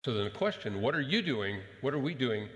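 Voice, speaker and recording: A male pastor giving a sermon, speaking in an emphatic, measured way and putting rhetorical questions to the congregation. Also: medium pitch, sing-song, fairly bright tone, in a large hall.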